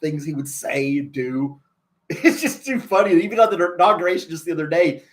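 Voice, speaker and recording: A man's voice: a little high, lively intonation, fairly quick. A man hosting a casual chat show, talking loosely and laughing often. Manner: chatty, laughs a lot. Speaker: host.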